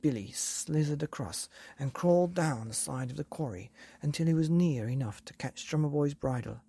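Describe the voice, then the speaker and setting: Woman reading a bedtime story, low gravelly voice, dark and mellow, close dry sound. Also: moderate pace, dry recording.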